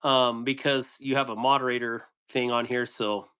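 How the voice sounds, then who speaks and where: An American knife-channel host speaks at medium pitch and normal speed with little pitch movement; his tone is bright, forceful, clear and resonant. In casual live-stream chat he rambles, laughs often and answers viewers as he shows off gear.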